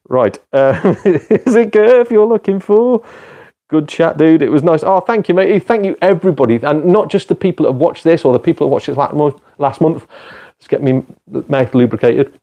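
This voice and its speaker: A man's voice: medium pitch, dark tone. Sweary, joking British man on a live stream. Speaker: retro games streamer. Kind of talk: casual live stream chat.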